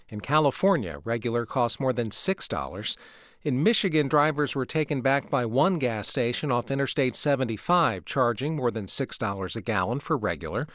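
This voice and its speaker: A man at mid pitch reads radio news in a measured, steady newscaster delivery. The studio sound is dry and close, with no room echo. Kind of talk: scripted news reading. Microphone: studio microphone.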